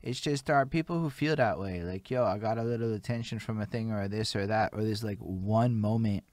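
A man hosts a relaxed conversation and mulls over ideas in a loose, reflective, sometimes profane way. His voice is fairly low, and it is recorded dry and close with little room sound. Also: brisk, dry recording. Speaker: host. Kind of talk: casual chat.

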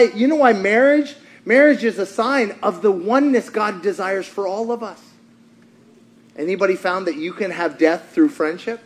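A male pastor preaching a sermon in a church, animated, swinging from shouts down to hushed lines. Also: high-pitched.

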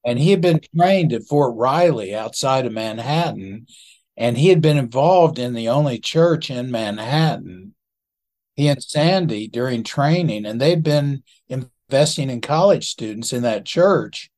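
A man in his seventies, a ministry founder, telling his story in an unhurried, chuckling, self-deprecating way. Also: medium pitch, expressive, a little mellow. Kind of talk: reminiscing storytelling in an interview.

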